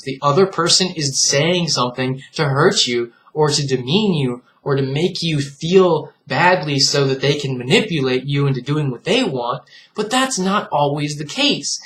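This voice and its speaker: A man's voice: on the high side, fairly bright tone. A man in a casual vlog monologue, earnest and reflective, speaking straight to his viewers and laughing at what he finds foolish. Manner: earnest and reflective, lecturing the viewer with frequent direct appeals. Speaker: vlogger.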